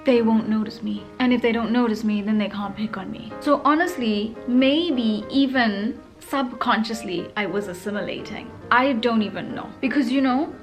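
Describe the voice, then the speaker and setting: A woman's voice: a little high, gravelly. A woman in her thirties from South Africa, speaking South African Indian English with a British tinge, chatting expressively and teasingly to camera in a casual vlog. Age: 30s. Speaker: vlogger.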